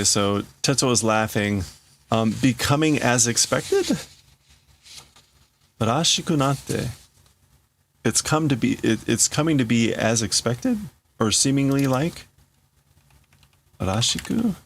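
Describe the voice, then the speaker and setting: A man's voice: medium pitch, unhurried, long pauses, slight background noise. A man hosting a live stream who reads and translates a comic while thinking aloud, with hesitant restarts. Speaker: livestream host. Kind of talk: casual live reading and translating.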